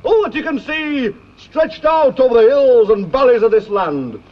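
A man's voice: very high-pitched, expressive, normal speed. A blustering king. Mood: bossy. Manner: bossy, impatient, keeps calling his son lad. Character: blustering older king father, domineering. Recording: dull old film audio with faint music.

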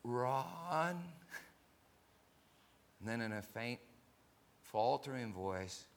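A male preacher tells a story in a sermon at an unhurried, deliberate pace. His voice is bright and forward, and he moves from quiet narration to loud, fervent stretches. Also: lowish voice, big-room sound. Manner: swells from quiet narration to loud impassioned pleading; slow, deliberate delivery with many pauses.

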